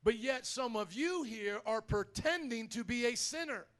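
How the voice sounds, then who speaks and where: A man preaching a sermon in a church, energetic and conversational, calling out to his congregation. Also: very high voice, normal speed. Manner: energetic, conversational preaching with audience call-outs. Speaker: pastor.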